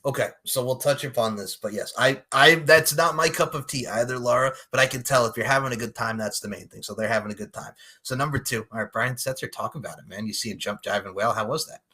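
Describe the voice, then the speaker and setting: A man co-hosting a casual pop culture podcast, recapping a movie in a profane, animated way, laughing often and acting out the characters' lines. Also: mid-range voice, fast, few pauses, breathy edge. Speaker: podcast co-host.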